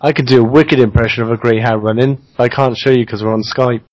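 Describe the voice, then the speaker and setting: A man's voice: medium pitch, steady tone, fast talker, slight background noise. A man joking dryly during a comic chat over an internet call.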